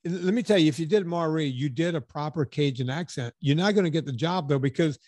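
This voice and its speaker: A man from Louisiana hosts a podcast in a loose, ranting style and swears freely. His voice sits a little high for a man. The sound is dry and close. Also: brisk, no room sound. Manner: animated, ranting, profane. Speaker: podcast host. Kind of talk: casual chat.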